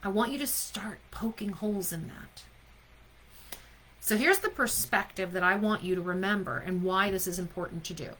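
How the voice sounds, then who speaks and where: A woman's voice: medium pitch, moderate pace, a bit bright, slight background noise, low-quality recording. A woman leadership coach giving a live online coaching talk. She speaks emphatically, keeps asking her listeners questions and often checks in with "right?".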